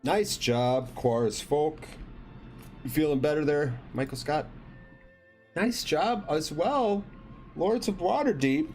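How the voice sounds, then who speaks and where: A man's voice: on the high side, slow, long pauses, darkish tone, soft background music. Joking man hosting a live trivia quiz. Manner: jokey, loose, teasing players by team name.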